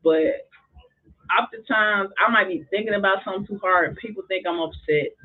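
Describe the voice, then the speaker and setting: A woman's voice: mid-range voice, moderate pace. A woman who works as a school drumming therapist and basketball coach, talking passionately and expressively in a casual podcast conversation. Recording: tinny phone-like sound.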